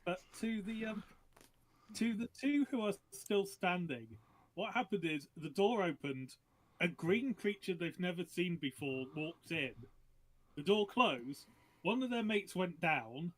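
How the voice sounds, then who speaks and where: Male player, high voice, plain recap of the scene. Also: expressive, measured pace, fairly bright tone.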